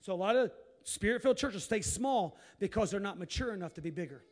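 High-voiced preacher with shouted bursts. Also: male voice, lively intonation, brisk. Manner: preaching with sudden shouted bursts and quiet asides. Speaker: pastor. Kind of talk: sermon.

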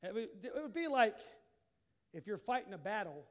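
A man preaching a sermon, swinging from quiet asides to sudden shouted bursts. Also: high-pitched, big pitch swings, normal speed. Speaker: pastor.

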